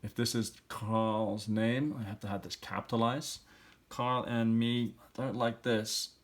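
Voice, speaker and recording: Man, fairly low voice, teacher, patient step-by-step explaining, thinking aloud. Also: steady tone, unhurried. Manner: thinks aloud, walking through each answer patiently. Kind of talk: explaining language exercises step by step.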